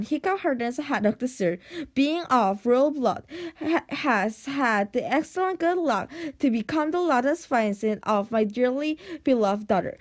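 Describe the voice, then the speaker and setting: A woman reading aloud from a storybook, voicing a scheming Viking chief who speaks in a smug, gloating way. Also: high voice.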